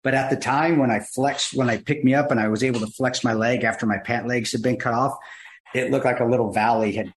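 A man, a guest, telling his injury story in casual chat, laughing and animated. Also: medium pitch, a little fast, a little hiss or hum. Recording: roomy echo.

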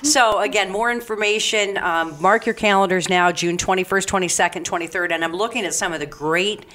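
A woman's voice: medium pitch, brisk, fairly bright tone. A woman hosting a radio talk show, chatting casually and laughing easily with her co-host. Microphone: studio microphone.

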